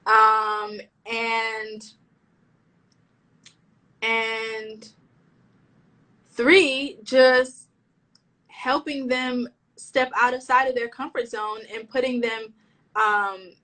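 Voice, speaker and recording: A woman's voice: on the high side, little pitch movement, very slow, pauses often, pushed and bright, poor audio. A woman stylist chatting casually in an interview over a video call, slangy and full of restarts. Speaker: fashion stylist.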